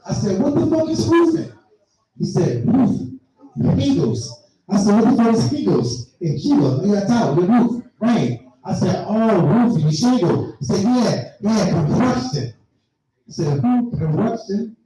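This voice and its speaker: A middle-aged man doing a profane, animated stand-up comedy set at a live venue. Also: sits high, unhurried. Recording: very echoey live room, mic far off.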